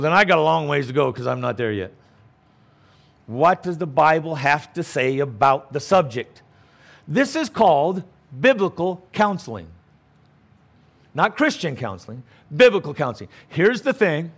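A middle-aged male pastor delivering a sermon. He speaks with a somewhat high voice, preaching emphatically but conversationally, often turning to rhetorical questions for the congregation. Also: very animated, normal speed, gravelly.

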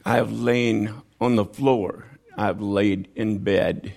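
Man preaching slow with a gravelly voice, goes from low and hushed to loud high pleading. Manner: animated, swings from low and quiet to loud high pleas; acts out quoted voices within the sermon. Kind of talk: sermon.

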